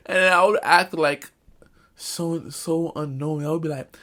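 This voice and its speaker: A young man from New York telling comic stories from his school days in an animated, slangy way, often breaking into laughter. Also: on the high side, slow. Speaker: vlogger. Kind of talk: comedic storytelling.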